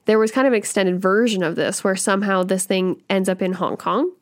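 A woman with a Canadian accent co-hosting a casual podcast, chatty and quick to laugh, reading from her notes. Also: medium pitch. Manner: chatty, laughs often, reads notes aloud. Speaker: podcast co-host.

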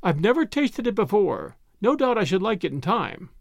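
A man voicing a bright, cheerful young woman who speaks lightly and teasingly. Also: high-pitched, big pitch swings, moderate pace, creaky, dry recording, full character voice. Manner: light, laughing.

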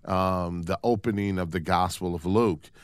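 Smooth, low-voiced male radio host. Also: steady tone, moderate pace, no echo. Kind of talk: Christian radio talk.

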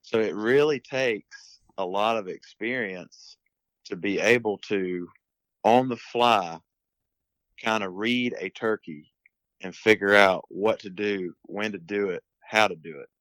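Man, low voice, podcast guest, explanatory, casual, dry close recording. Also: slow pace, fairly bright tone, dry recording, low-quality recording. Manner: explanatory, many restarts, uneven bursts of emphasis. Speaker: podcast guest, turkey hunter.

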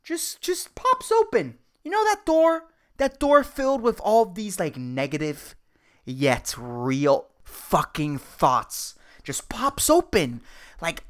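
A man's voice: sits high, big pitch swings, slow, fairly bright tone. A young man, hosting a solo podcast and ranting angrily with lots of swearing. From Puerto Rico. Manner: angry, profane, ranting. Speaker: podcast host.

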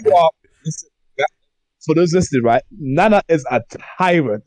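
A man's voice: on the high side, moderate pace, no echo, low-quality recording. A young man, co-hosting a casual podcast chat and telling stories animatedly with many restarts. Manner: animated storyteller, lots of fillers and restarts. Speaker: podcast co-host.

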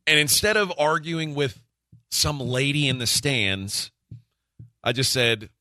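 A man hosting a sports radio show, telling a story in casual chat, animated and acting out the quotes with frequent laughs. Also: mid-range voice, slow pace, no echo, clean studio sound. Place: radio studio.

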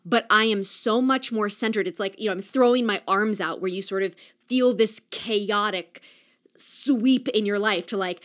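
A woman's voice: medium pitch, normal speed, a bit bright. A young adult woman hosting a solo podcast, talking in an earnest, reflective way with many casual "like" fillers. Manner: earnest and reflective, talks with her hands, frequent "like" fillers. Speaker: podcast host.

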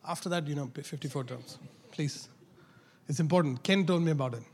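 Husky-voiced man preaching with rising fervor. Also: on the high side, fairly quick. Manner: builds from quiet coaxing to loud shouted preaching. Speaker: pastor. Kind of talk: sermon.

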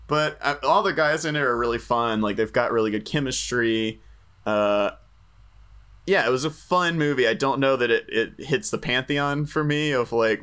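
A man's voice: medium pitch, a bit bright. A man co-hosting a casual film podcast, speaking hesitantly with many fillers and restarts. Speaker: podcast co-host.

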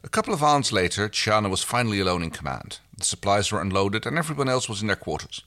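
A man reads a story aloud with a bright, lively voice that moves up and down a lot. The delivery is animated and playful. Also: fairly low pitch, quick pace. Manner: animated reading, laughs often. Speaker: reader. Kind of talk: reading fan fiction aloud.

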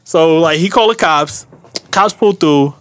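High-voiced dude telling a story fast, swears a lot, real animated, dry sound. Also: male voice, clean tone, no room sound. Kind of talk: casual storytelling chat.

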